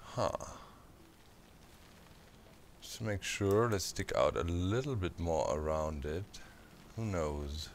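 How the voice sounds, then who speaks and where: A man hosting a gameplay channel, chatting casually and thinking out loud as he plays, throwing in little sound effects. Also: low voice, measured pace, a little hiss or hum. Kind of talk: casual let's-play commentary.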